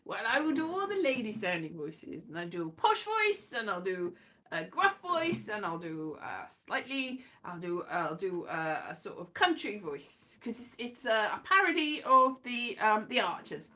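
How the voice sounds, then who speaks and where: Chatty, lively British woman streaming. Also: a little high, normal speed. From Britain. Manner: rambling, self-mocking, bursts into sung phrases. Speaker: comedian streamer. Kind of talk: casual live-stream chat.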